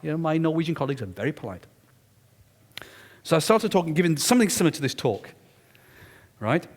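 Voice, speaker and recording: Animated man lecturing. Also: on the high side, fast talker. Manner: animated, confiding, emphatic. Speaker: guest lecturer. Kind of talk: storytelling public lecture. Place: lecture hall. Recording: echoey lecture hall.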